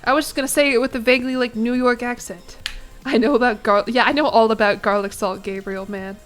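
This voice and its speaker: Talking a little fast with fairly even intonation, a fairly high-voiced woman plays a game on stream and chats comfortably with her audience. Giggly asides pepper her musings and off-the-cuff replies to chat, with gentle game music faint in the background.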